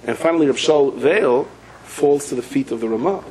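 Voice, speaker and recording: Animated rabbi telling a story. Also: male voice, medium pitch, moderate pace, husky, poor audio. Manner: animated storyteller, acts out quoted voices, cries out at climaxes. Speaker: rabbi giving a Torah class. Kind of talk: storytelling lecture.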